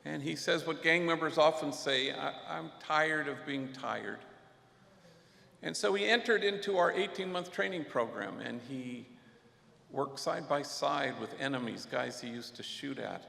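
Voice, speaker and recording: A man with a deeply gravelly, slightly high voice tells a story to a luncheon crowd. He speaks unhurriedly and reflectively, slipping in Spanish slang. His voice echoes through a large hall with a long reverb. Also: normal speed, bright, forceful tone. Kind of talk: storytelling speech. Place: event hall.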